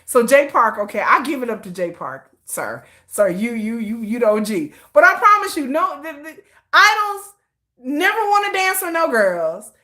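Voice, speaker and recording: A woman hosting a casual livestream, animated and slangy, laughing often. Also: fairly high pitch, normal speed. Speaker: livestream host.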